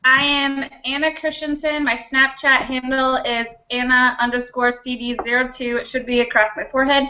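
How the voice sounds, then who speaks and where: A woman's voice: high-pitched, little pitch movement, moderate pace, hardly any pauses, sharp tone, muffled recording. A woman guest on a casual live panel chat, giggly and chatty.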